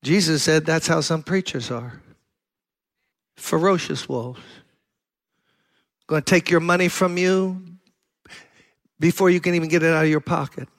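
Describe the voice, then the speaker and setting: A man's voice: on the high side, steady tone, moderate pace. An older man, a pastor preaching a sermon in a conversational storytelling manner that builds to emphatic exhortation. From Brooklyn, New York.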